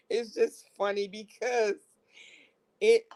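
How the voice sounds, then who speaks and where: A woman talks to her viewers in an unhurried, slangy way. Her voice sits a little low, and she keeps breaking into fits of laughter as she speaks. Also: a little mellow. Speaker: commentary vlogger. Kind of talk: casual commentary.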